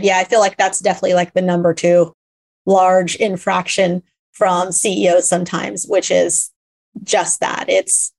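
A woman hosting a podcast interview, talking in a lively conversational way and acting out quoted voices. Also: lowish voice, unhurried, vocal fry. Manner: animated, acts out quoted voices. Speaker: podcast host.

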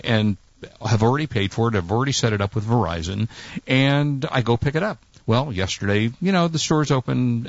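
A man's voice: fairly low pitch, vocal fry, dry recording, highs cut off. A man co-hosting a casual chat, telling a long story and acting out quotes in exasperated tones. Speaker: co-host.

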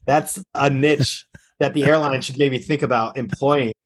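A man's voice: mid-range voice, steady tone, a little slow. A man hosting an interview podcast, praising his guest at length and wrapping up the episode with frequent restarts. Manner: warm, effusive praise with filler restarts. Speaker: podcast host.

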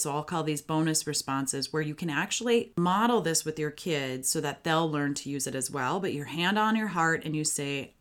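A woman with a low voice hosts a parenting podcast alone. She is chatty and upbeat and speaks straight to her listeners as she gives advice. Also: a bit bright.

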